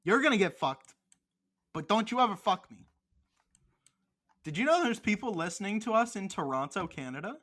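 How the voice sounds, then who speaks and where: A man's voice: high-pitched, very animated, normal speed, long pauses, a bit bright. A man co-hosting a podcast over a remote call, teasing his co-host in crude, mock-angry casual chat full of swearing.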